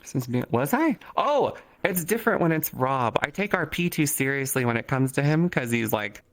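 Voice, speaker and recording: A man as an interview guest in a casual chat, joking crudely in a deadpan way. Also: medium pitch, normal speed.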